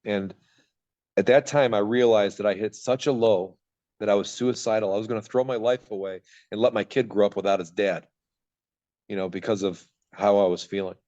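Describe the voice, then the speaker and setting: A man's voice: on the low side, steady tone, normal speed, darkish tone, highs cut off. A man telling his personal story as a podcast guest, in a raw, rambling way, swearing freely. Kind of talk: candid personal recovery story.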